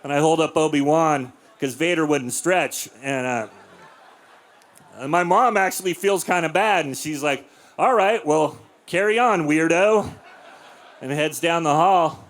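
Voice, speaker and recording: A man in his forties performing a stand-up comedy set on a club stage, telling crude stories deadpan and bursting into loud acted-out voices. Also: on the high side, moderate pace.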